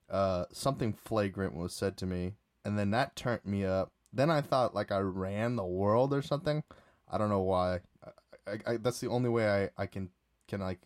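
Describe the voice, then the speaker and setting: A man with a lowish voice tells a long night-out story on his own podcast. He rambles, stops and starts, and fills gaps with "uh" and "like". The sound is close and dry, with no room around it. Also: darkish tone, no room sound. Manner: rambling, many fillers and restarts. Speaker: podcast host. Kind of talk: casual solo storytelling.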